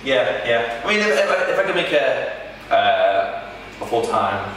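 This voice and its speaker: A man, a wrestler, answering interview questions in a halting, casual way with many restarts. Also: mid-range voice, sing-song, a bit bright, slight background noise. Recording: echoey room from far off.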